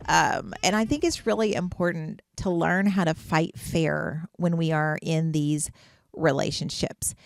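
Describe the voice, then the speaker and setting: A woman's voice: lowish voice, no echo. A middle-aged woman, a therapist hosting a podcast, talking earnestly about relationships, asking rhetorical questions and restarting her sentences as she goes. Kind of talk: casual advice podcast monologue.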